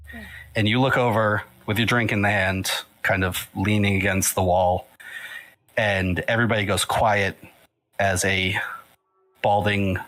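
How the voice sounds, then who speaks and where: A man's voice: sits low, poor audio. A man narrating a tabletop role-playing game as game master, loose and full of fillers. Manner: relaxed, filler-heavy narration.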